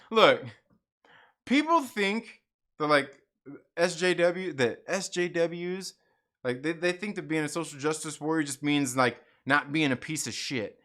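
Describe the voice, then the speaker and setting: A man's voice: fairly high pitch, fairly bright tone. Rambling, laughing live-stream host man. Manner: rambling, filler-heavy, laughing often, swearing. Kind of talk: casual opinion rant.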